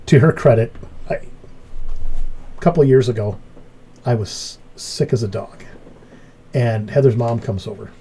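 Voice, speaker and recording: A middle-aged man hosting a relaxed group chat, telling stories with lively jumps in pitch when he acts out what he said. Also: measured pace, long pauses, husky. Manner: animated storyteller, voice jumps up when acting out his story. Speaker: podcast host. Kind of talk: casual chat.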